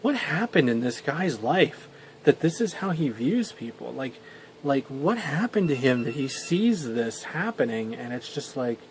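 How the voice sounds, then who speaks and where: A man's voice: fairly high pitch, a little hiss or hum. A young man telling a story for a vlog. He rambles, swears and restarts his sentences often. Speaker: vlogger.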